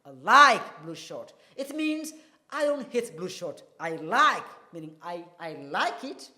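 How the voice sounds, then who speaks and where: A teacher explaining pronunciation, talking slowly and deliberately, repeating and spelling words out. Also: medium pitch, fairly bright tone. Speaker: English teacher. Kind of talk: classroom-style explanation.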